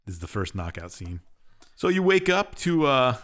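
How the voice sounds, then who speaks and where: A man's voice: medium pitch, big pitch swings, normal speed, fairly bright tone. Casual man recapping a game plot. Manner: rambling plot recap, offhand and sarcastic. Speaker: podcast co-host. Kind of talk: casual chat.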